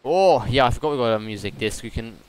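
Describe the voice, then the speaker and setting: A man's voice: medium pitch, animated, fast, noisy background. Rambling, jokey young British man. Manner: rambling, jokey, lots of fillers. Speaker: streamer. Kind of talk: casual gaming stream chat.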